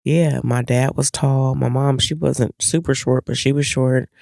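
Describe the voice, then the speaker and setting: Mom co-hosting a chat show, acting out her kids in her stories, kinda raspy fry, dry sound. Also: rumbling low, unhurried, no room sound. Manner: animated storytelling, acting out family members' lines. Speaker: co-host. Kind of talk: casual chat.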